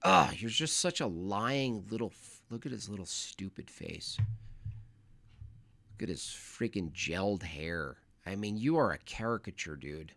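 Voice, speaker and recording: A man's voice: on the low side, expressive, measured pace, a bit bright. A man hosting a casual livestream, reacting to videos and reading viewer messages in an exasperated, rambling, slangy manner. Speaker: streamer reviewing videos.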